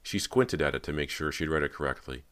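A man narrating a horror audiobook in a measured, steady reading. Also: a bass voice, clean tone.

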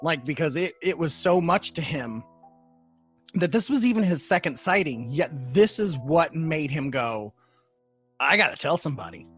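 A man hosting a paranormal podcast in casual chat, animated and laughing often. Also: fairly high pitch, measured pace, soft background music. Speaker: podcast host.

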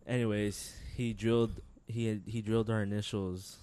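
A man co-hosting a podcast, telling a rambling story full of swearing and slang, laughing often, relaxed and high. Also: moderate pace, slight background noise. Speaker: podcast co-host. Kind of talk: casual chat.

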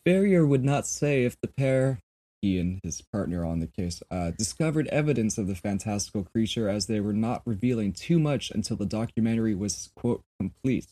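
A man with a dark, mellow voice co-hosts a casual podcast, reading out sources and breaking into laughter often. He talks in an animated, loose way and swears in passing. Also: lowish voice. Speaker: podcast co-host.

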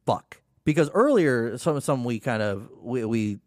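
A man's voice: medium pitch, lively intonation, a little slow, a little mellow, no room sound, clean studio sound. A man chatting casually as a podcast co-host, recapping a story, swearing now and then and acting out characters' lines. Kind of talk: casual chat.

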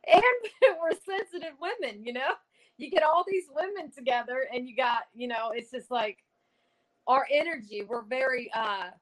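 A woman's voice: on the high side, a bit bright. Woman paranormal investigator rambling through a scary story, stumbles on words, laughs a lot. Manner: halting, repeats words, laughs between lines. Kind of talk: casual storytelling interview.

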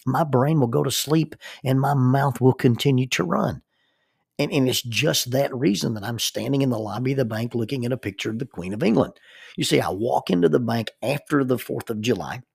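A man's voice: medium pitch, fairly quick, gravelly, a little mellow, husky, dry recording, studio quality. An American man, a counselor and minister, telling a personal story in a casual, rambling way and often repeating words as he thinks aloud. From United States.

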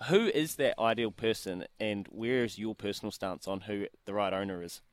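A man's voice: lowish voice, normal speed, dry recording. A New Zealand man hosting a breakfast radio show, asking questions with an upbeat presenter's delivery.

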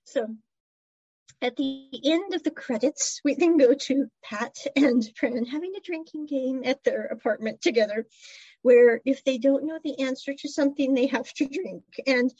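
A woman's voice: high-pitched, a little mellow, breathy edge, dry recording, lo-fi sound. A woman chattily retelling a drama episode, with giggles and side comments. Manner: chatty storyteller, giggles, asides. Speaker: drama recap vlogger. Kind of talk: casual episode recap.

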